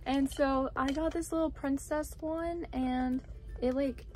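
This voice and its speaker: High-voiced gushing young woman vlogger. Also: unhurried. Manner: gushing, excitable, lots of "like" and "oh my gosh". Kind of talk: casual haul vlog.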